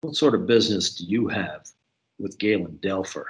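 A man voicing a gruff, suspicious small-town cook in a deep, terse voice. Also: normal speed, lightly acted, low-quality recording. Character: gruff grizzled rural cook, middle-aged man.

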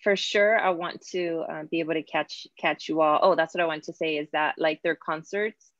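A woman's voice: low-pitched, steady tone, moderate pace, a bit bright, dry recording, lo-fi sound. A woman hosting an online class conversation, chatty and casual, slipping in Spanish words. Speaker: host and professor.

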